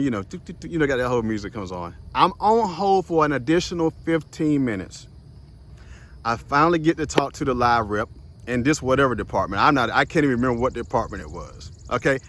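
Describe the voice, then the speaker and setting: Talking in a mid-range voice over a bit of hiss or hum, the young host of a brief motivational series shares a personal story in a relaxed, lively way. He chats directly with the audience as "guys" and "y'all," laughing often and performing the other characters' voices.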